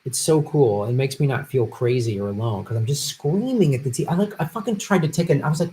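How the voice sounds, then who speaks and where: A man hosting a political commentary livestream, reading viewer donations and ranting with heavy profanity, swinging from muttering to shouting. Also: medium pitch, expressive, a little fast, hardly any pauses.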